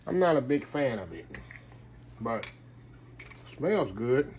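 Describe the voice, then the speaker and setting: A man's voice: mid-range voice, big pitch swings, takes it slowly, noisy background. A man hosting a casual home cooking vlog, folksy and chatty, calling his viewers y'all. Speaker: cooking vlogger.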